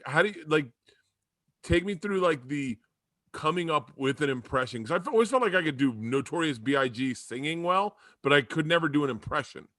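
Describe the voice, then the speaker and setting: Lively man, dry close sound. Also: a little high, brisk, dry recording. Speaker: podcast participant. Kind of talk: casual chat.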